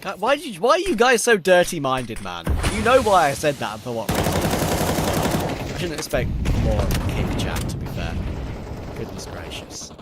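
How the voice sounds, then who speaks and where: A young London man casts a competitive shooter solo, flipping between play-by-play and easy banter with his chat. His voice is a little worn from losing it, and clear gunfire and clicks from the game run under his talk. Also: on the high side, huge pitch swings, normal speed, very noisy. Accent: London English. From England. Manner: casual, chatty, answers viewer questions between plays. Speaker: esports caster. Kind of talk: solo esports commentary with chat reading. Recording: game sound and gunfire behind the voice.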